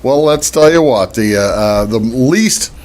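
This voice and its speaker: Halting male talk show host. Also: mid-range voice, expressive, darkish tone. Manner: halting, many fillers and restarts. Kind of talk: casual radio-style talk show chat.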